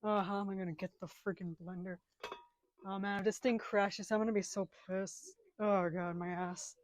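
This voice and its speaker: A woman's voice: mid-range voice, fairly even intonation, moderate pace, slight background noise. A woman rambling crudely to herself while doing chores at home, groaning and cursing constantly. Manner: melodramatic wailing outbursts. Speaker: comedic vlogger. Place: home kitchen.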